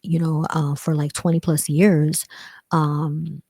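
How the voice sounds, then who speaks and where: A woman talking candidly about growing up, rambling with many fillers and acting out other people in a higher voice. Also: level tone, takes it slowly, darkish tone, dry recording. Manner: rambling, frequent "like" and "um", acts out quoted voices higher. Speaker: vlogger. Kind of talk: personal reflective talk.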